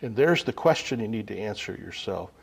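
A man preaching a sermon to a gathering, unhurried, swinging from loud emphasis to quiet asides. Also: lowish voice, expressive, vocal fry, slightly rough.

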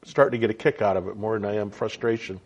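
A man's voice: on the low side, fast talker, slightly rough, lo-fi sound. A man giving a reflective spoken sermon message in an earnest way, with frequent stammered restarts. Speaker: preacher.

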